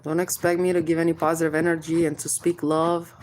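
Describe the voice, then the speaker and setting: A woman's voice: deep voice, level tone, brisk, darkish tone, slight background noise. A mother speaking straight to the camera, confronting officials head-on, prodding with questions and calling people "baby" as she warns them of spiritual payback. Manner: confrontational, addresses officials directly, keeps prodding "hmm?"; calls listeners "baby", spiritual warnings. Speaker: mother speaking out about child services. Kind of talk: direct-to-camera vent.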